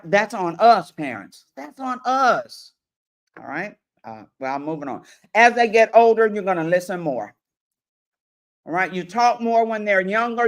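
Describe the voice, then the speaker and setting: Animated woman coach addressing parents. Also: mid-range voice. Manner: animated, acts out parents and children in quick voices; addresses audience directly with frequent "all right". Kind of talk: workshop presentation to parents.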